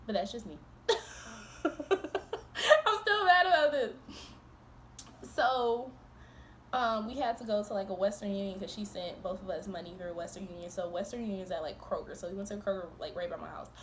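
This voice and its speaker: A young woman in a storytime vlog, retelling events in an animated, profane, exasperated way, breaking into laughs. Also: medium pitch, fast, slight background noise. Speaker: vlogger.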